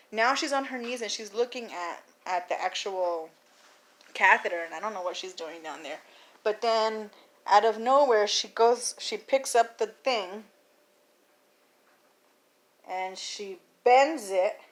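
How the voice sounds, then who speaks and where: Animated woman telling a story. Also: mid-range voice, unhurried. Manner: animated, acts out the people in her story, laughs often. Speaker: vlogger. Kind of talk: casual storytelling to camera.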